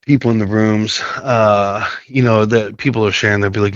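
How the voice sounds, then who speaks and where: A man from Nashville, Tennessee, guest on a recovery podcast, telling a long story in a rambling way, with many fillers and frequent throat clearing. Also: on the low side, fairly even intonation, moderate pace, few pauses, no echo, highs cut off. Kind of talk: casual storytelling chat.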